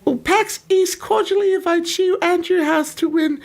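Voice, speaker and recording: A man putting on a high, overly polite British executive voice as a comic impression. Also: fairly even intonation, normal speed, gravelly. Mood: mock formal.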